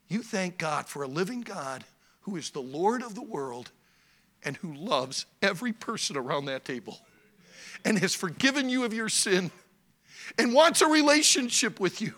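A male preacher delivering a sermon, swinging from loud declarations to hushed storytelling. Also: sits high.

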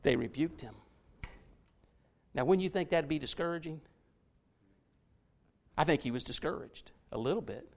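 A man preaching a sermon to his church, folksy and direct with the congregation, often building to loud, fervent stretches. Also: on the high side, moderate pace, long pauses. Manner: folksy, talks straight to the congregation, builds to shouts.

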